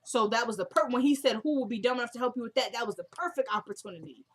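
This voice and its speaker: A woman's voice: fairly high pitch, rapid-fire, husky. A young woman casually recapping a TV drama episode, retelling scenes and quoting the characters in a chatty way.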